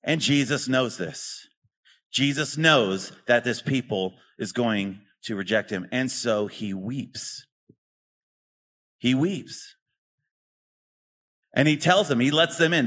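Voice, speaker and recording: A man preaching a sermon in a relaxed, conversational way, often tossing rhetorical questions to his listeners. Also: mid-range voice. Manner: casual, asks rhetorical questions. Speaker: pastor.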